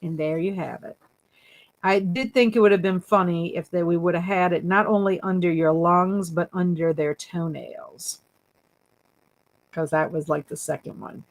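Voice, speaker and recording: A woman's voice: lowish voice, fairly even intonation, normal speed. A woman hosting a casual livestream, giggling often as she reads viewer comments aloud and teases her chat. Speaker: booktube livestream host.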